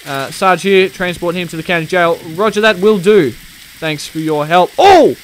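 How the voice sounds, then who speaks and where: Excitable high-voiced man, gameplay commentary. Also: normal speed, a little hiss or hum. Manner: excitable, shouts police commands, laughs often. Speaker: gaming video host. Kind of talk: gameplay commentary with police role-play.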